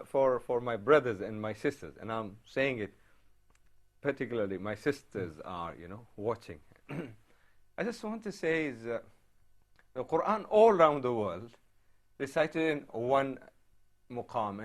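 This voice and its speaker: A man's voice: medium pitch, lively intonation. Earnest devout male religious teacher. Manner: earnest and devout, rising to emotional emphasis; halting with restarts and fillers. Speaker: Quran recitation teacher. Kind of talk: devotional talk.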